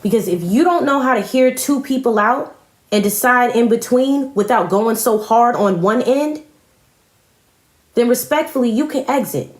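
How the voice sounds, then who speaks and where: A woman's voice: fairly high pitch, animated, moderate pace. A woman on a live stream, confrontationally ranting at other commentators with heavy profanity and repetition. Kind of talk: heated live-stream rant. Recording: echoey room.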